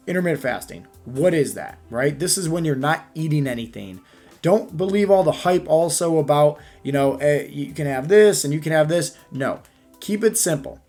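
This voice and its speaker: A man's voice: fairly high pitch, a little mellow. A man giving a fitness coaching talk as a podcast monologue, emphatic, often checking in with "right?" and "okay?".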